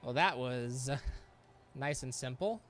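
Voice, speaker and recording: A man's voice: medium pitch, measured pace, a bit bright, faint music behind. A man giving casual gameplay commentary, chatty and laughing often, talking back at the game. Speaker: gameplay streamer.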